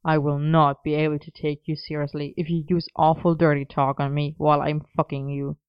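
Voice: mid-range voice, level tone, a little fast, clear, resonant tone, dry recording, dull audio, lightly acted. A narrator voicing an exasperated but fond young man in a story reading, dry and amused. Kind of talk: audiobook reading of a romance story.

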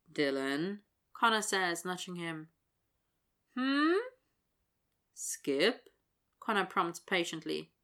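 A woman reading fiction aloud in an even, expressive storytelling style. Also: on the low side. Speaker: narrator.

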